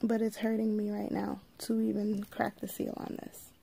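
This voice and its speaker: A woman's voice: medium pitch, completely flat delivery, gravelly, warm tone, slightly rough. A woman hosting a casual live unboxing, chatting to viewers and greeting them by name. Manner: slow, drawn-out delivery with frequent asides. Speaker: livestream host.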